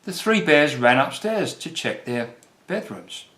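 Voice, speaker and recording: A man reading a children's fairy tale aloud as the storyteller, gentle and unhurried. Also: fairly high pitch, big pitch swings. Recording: roomy echo.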